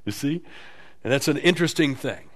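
A man preaching a sermon as pastor, animated and emphatic, swinging between quiet stretches and loud peaks, acting out quotes with a sarcastic edge. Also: on the high side, brisk. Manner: acts out quotes with sarcastic inflection.

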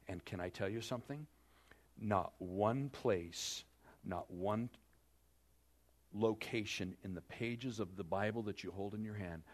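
A man preaching a sermon, telling the story dramatically with joking asides to the congregation, swinging between loud and hushed. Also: on the low side. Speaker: pastor.

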